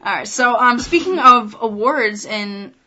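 A woman's voice: a little high, animated, measured pace, bright, forceful tone. A woman co-hosting a casual podcast chat, giggling often and rambling with lots of fillers. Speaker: podcast co-host. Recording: dull lo-fi sound with background noise.

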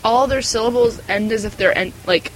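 A woman's voice: a little high, moderate pace, background noise. A woman in a casual group chat, hesitant and searching for words.

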